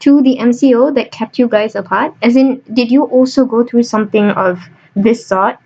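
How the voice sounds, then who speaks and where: A woman's voice: medium pitch, a little mellow. A young woman hosting a casual interview, chatty and joking. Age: young adult. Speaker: host. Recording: dull lo-fi recording.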